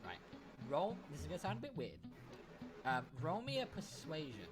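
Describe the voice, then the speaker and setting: A man's voice: on the high side, huge pitch swings, normal speed, over music. A man narrating as game master of a tabletop game, casual, with fillers.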